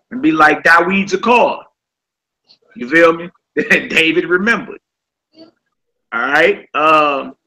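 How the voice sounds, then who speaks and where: A man's voice: fairly high pitch, pushed and bright, poor audio. A man teaching a casual Hebrew vocabulary class. He often checks in with "all right?" and repeats each word.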